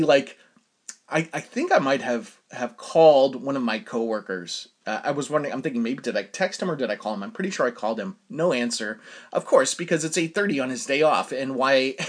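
A man hosting his own podcast, telling a casual solo story in a chatty, self-deprecating way and laughing often. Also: fairly high pitch. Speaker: podcast host.

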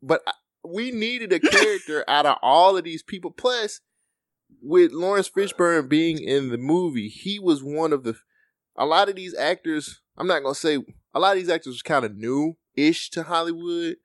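A podcast co-host whose voice sits on the high side chats about a movie at normal speed, animatedly acting out lines from it in quotes. The recording is dry, with clean studio sound.

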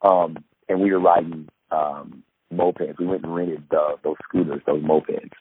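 A man's voice: a bass voice, steady tone, normal speed. A man casually telling a long story, rambling with many fillers and restarts and acting out what people said. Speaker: podcast guest, former pro basketball player. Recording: tinny phone-like line with faint noise.

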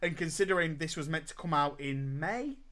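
A man's voice: a little high, lively intonation, brisk, a bit bright. A man co-hosting a podcast, chatting casually about films in an emphatic, enthusiastic way. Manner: enthusiastic, emphatic, repeats words when starting. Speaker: podcast co-host. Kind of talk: casual film review chat.

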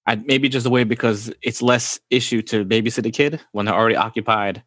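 A man's voice: medium pitch, brisk, a bit bright, no room sound. A man in his forties from the Bronx, telling childhood stories in a casual, slangy way and often saying "bro". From New York, the Bronx. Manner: laid-back, slangy, says "bro" often. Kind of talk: casual storytelling chat.

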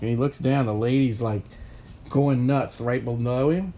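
A man's voice: mid-range voice, fairly even intonation, normal speed, warm tone, slight background noise. A middle-aged man, hosting a podcast and telling rambling stories between bursts of laughter. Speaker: podcast host. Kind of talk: casual chat, storytelling.

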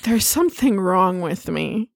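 An American woman co-hosting a casual chat about TV shows, blunt, profane and animated in her storytelling. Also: lowish voice, unhurried, gravelly. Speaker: podcast co-host.

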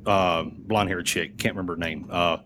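A man's voice: fairly quick, a little hiss or hum. A man, a military veteran, telling funny stories on a podcast and laughing often as he goes. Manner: animated, laughs often, swings his voice up high for quoted lines. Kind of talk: casual podcast storytelling.

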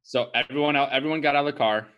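A man co-hosts a casual podcast. He cuts in with quick reactions and then tells a short story of his own. His voice is plain and mid-pitched. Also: dull audio. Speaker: podcast co-host. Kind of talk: casual chat.

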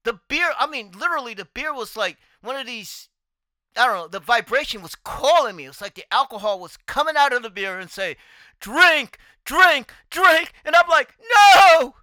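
A man hosting a podcast, telling a personal story in an animated, exclaiming way with frequent laughter. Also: extremely high pitch, fairly quick, no echo. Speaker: podcast host and artist.

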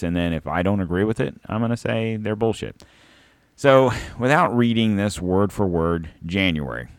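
Sarcastic deep-voiced man rambling. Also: no echo, studio quality. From Florida. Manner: sarcastic, rambling, swears freely. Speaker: podcast host. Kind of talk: casual rambling commentary.

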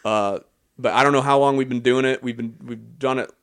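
A man's voice: medium pitch, fairly even intonation, fairly quick, a bit bright, smooth. A young man co-hosting a podcast, chatting in a rambling, easygoing way with restarts. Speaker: podcast co-host. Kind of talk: casual chat.

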